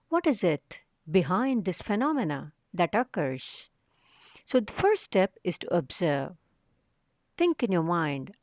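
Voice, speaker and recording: A woman's voice: lowish voice, darkish tone, dry recording, clean studio sound. A woman teacher giving a recorded science lesson to children, explaining step by step and asking rhetorical questions.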